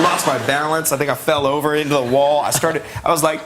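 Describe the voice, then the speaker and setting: A man guest on a talk show, telling an anecdote in an animated way with fillers and laughter. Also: a little high, quick pace, hardly any pauses, very noisy.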